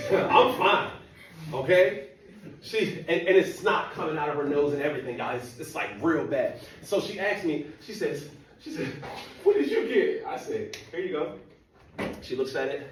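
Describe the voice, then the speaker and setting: This man's voice is a little high and animated, moving at a moderate pace as he pokes fun at himself in a funny story for the crowd, speaking to them directly. The recording is distant and echoey, with a little hiss or hum.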